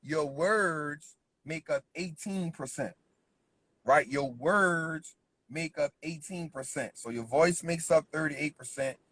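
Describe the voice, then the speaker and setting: A man's voice: a little high, slow, a bit bright. A man giving a motivational business talk, driving points home emphatically and checking in with "right?" after nearly every phrase. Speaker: business speaker.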